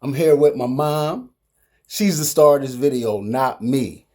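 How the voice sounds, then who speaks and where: A man's voice: mid-range voice, measured pace, a little mellow. A man in his forties with a Baltimore accent, casually chatting and teasing in a family vlog. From Baltimore, Maryland. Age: 40s. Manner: playful, teasing, laughs often. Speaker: vlogger.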